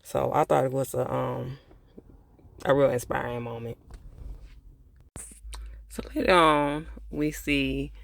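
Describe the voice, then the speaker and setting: Man with a gravelly, casual recap voice. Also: medium pitch, fairly even intonation, slow pace, pauses often, a bit bright. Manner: rambling, full of fillers, laughs at the characters. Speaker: TV episode reviewer.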